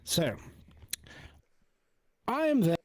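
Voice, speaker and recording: A man hosting a talk show and telling a personal story in a casual, animated way, acting out the dialogue. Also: sits high, very slow, no echo. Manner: animated, acts out dialogue with many restarts.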